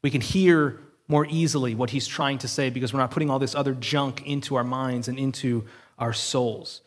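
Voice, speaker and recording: A man's voice: mid-range voice, fairly even intonation, normal speed. A male pastor giving an earnest, conversational sermon and often checking in with the congregation.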